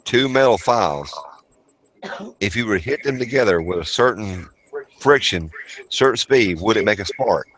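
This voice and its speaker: A man's voice: fairly low pitch, expressive, moderate pace, long pauses, fairly bright tone, low-quality recording. A man, co-hosting a casual live chat about survival skills in a blunt, rambling and profane way.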